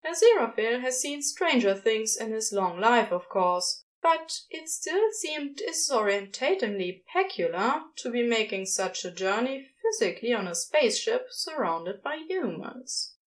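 A woman reading a fan story aloud in a gentle, expressive narration. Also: fairly high pitch, unhurried, hardly any pauses. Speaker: podfic reader. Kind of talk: scripted narration.

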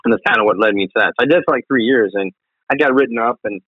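A man's voice: medium pitch, rapid-fire, no echo. A man, a chef, chatting casually as a guest, rambling with many fillers and restarts. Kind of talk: casual interview chat. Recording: tinny phone-like dry sound.

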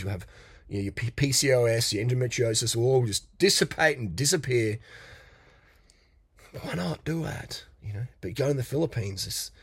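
A man with a somewhat low, husky voice holds forth as a podcast host. His talk is blunt, crude and rambling, and the recording is dry and close. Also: no echo. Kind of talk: casual monologue.

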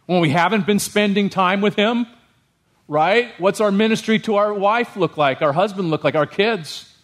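Male pastor, slightly high voice, lively sermon, chatty with the congregation. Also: moderate pace. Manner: lively, humorous, keeps checking in with the congregation.

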